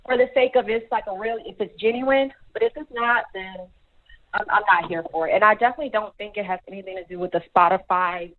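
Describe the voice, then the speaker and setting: A woman calling in to a show, speaking hesitantly with many pauses and restarts. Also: mid-range voice, a little hiss or hum. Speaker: caller. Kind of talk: phone call to a show. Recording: tinny phone line.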